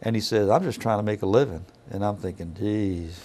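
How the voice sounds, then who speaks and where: A man's voice: lowish voice, quick pace, warm tone. A middle-aged man working as a weigh station inspector, telling stories in a folksy, casual way and acting out the dialogue. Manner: folksy, acts out dialogue in others' voices. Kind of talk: casual storytelling.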